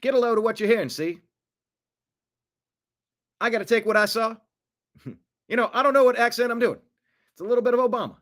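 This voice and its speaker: A man's voice: extremely high pitch, fairly quick, pauses often, a bit bright, voice pushed up. A man putting on an old-timey 1920s gangster-style radio reporter voice, with clipped tough-guy patter that tags lines with "see?". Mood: playful.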